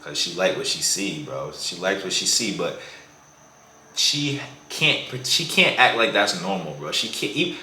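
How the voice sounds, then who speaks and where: Deep-voiced young dating-advice vlogger, slangy and bro-heavy, tense edge, echoey room. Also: male voice, animated, measured pace, pushed and bright, a little hiss or hum. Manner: slangy, says "bro" a lot. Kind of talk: casual vlog monologue.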